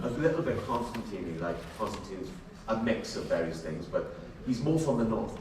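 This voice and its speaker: A man's voice: fairly low pitch, moderate pace. Man, chatty, in an echoey hall. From Wales. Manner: animated, chatty, laughs while telling stories. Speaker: actor, panel guest. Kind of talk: convention Q&A storytelling. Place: large convention hall. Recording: very echoey hall, distant, faint noise.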